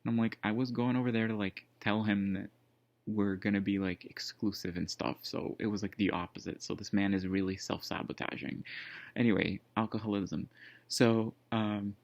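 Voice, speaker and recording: A man's voice: lowish voice, steady tone, normal speed, gravelly, no room sound. A man casually telling a personal story, rambling with lots of fillers and restarts. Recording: dull lo-fi dry sound.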